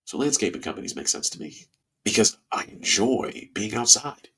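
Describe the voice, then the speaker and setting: Stuffy-nosed, animated male podcast host. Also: on the low side, moderate pace, slightly rough. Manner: animated, folksy, bursts of excitement. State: stuffy nose. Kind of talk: casual podcast monologue.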